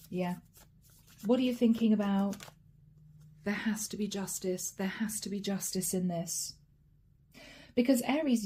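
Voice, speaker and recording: A woman reads tarot cards for her viewers in a soft, mellow voice and talks straight to the camera. She names each card as she turns it over and stops for sighs and small asides. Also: mid-range voice, slightly rough. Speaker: tarot reader. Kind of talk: channeled tarot reading.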